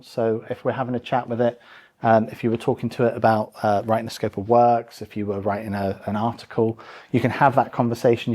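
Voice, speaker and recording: A man's voice: mid-range voice, a little mellow. A man presenting a live tech demo to a room of about forty people, casual and chatty. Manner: casual, chatty, with many fillers and restarts.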